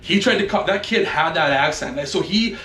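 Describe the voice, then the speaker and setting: A man's voice: a little high, lively intonation, moderate pace, pushed and bright, echoey room. A man co-hosting a podcast in a casual chat who often stammers and repeats words as he shares trivia. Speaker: podcast co-host.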